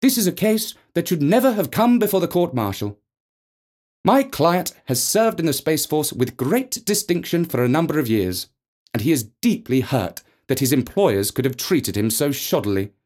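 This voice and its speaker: A man's voice: a little high, very animated, normal speed, darkish tone. A man voicing a stern woman defence lawyer with a firm, formal delivery.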